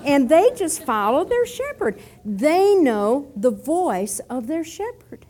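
An animated woman teaches a Bible lesson with props, her high voice swooping widely as she acts out scenes. She keeps it playful with chuckling asides. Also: slow.

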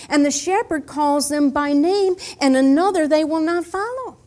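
A woman's voice: high-pitched, normal speed, darkish tone. A woman teaching a Bible lesson with props, acting out scenes and adding chuckling asides.

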